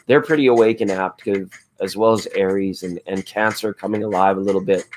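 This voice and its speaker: A man with a hoarse voice hosting a laid-back late-night tarot livestream, chatting with viewers in a rambling, spiritual way. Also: deep voice, fairly even intonation, a little fast, darkish tone, a little hiss or hum. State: hoarse from screaming at a football game. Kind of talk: casual late-night chat reading viewer comments.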